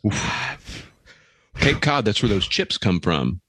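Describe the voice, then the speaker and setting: Deep-voiced wry male podcast co-host. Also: very animated, slow, fairly bright tone, breathy edge, no echo. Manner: wry, teasing quips. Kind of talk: comedic podcast banter.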